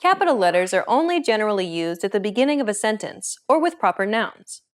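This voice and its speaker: A woman hosting a language lesson, reading a script in a clear, even, instructive way. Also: mid-range voice, quick pace.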